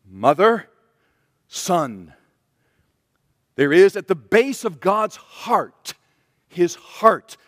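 Earnest high-voiced preacher in a hall. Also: male voice, fairly bright tone, clean studio sound. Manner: earnest, emphatic, repeats key phrases. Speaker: pastor. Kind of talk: sermon.

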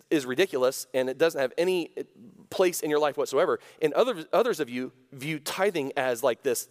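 A male pastor delivers a conversational sermon with a slightly high voice, restarting phrases before pressing down on his main points. His voice rings with the long reverb of a church sanctuary. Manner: conversational, self-correcting, lively emphasis.

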